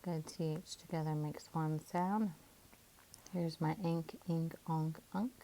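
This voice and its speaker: A woman teacher calmly walking through syllable division, sounding out each part of a word. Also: low-pitched, slow pace, slight background noise, poor audio. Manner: calm, methodical, sounds out syllables. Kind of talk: phonics lesson, syllable division.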